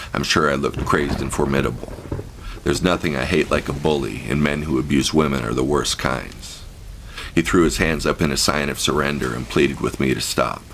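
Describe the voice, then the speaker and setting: A man's voice: very deep voice, creaky, fairly bright tone, a little hiss or hum. A man narrating his own memoir as an audiobook, frank, vivid and profane. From United States. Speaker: author-narrator.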